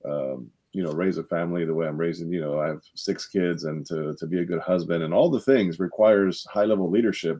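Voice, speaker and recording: A man's voice: low-pitched, warm tone. A man co-hosting a live online talk, upbeat and motivational, with frequent fillers. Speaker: co-host, event organizer. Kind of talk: casual live video-call chat.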